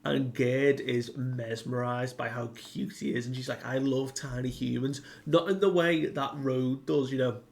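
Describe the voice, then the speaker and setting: Slow, rambling casual man. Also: mid-range voice, fairly even intonation, gravelly. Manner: rambling, heavy use of "like", paraphrases characters. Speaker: manga reviewer. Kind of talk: casual chapter recap.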